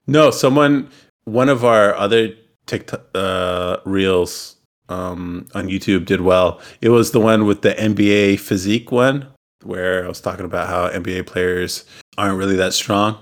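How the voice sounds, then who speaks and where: Joking young man with a low voice. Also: a little slow. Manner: joking, laughs often, swears casually. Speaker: podcast host. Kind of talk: casual chat.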